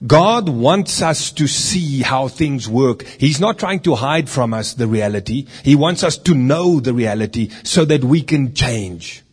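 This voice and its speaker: A man's voice: medium pitch, expressive, a little slow, few pauses, husky. A man preaching a sermon in a conversational way, with rhetorical questions and stories from his meetings.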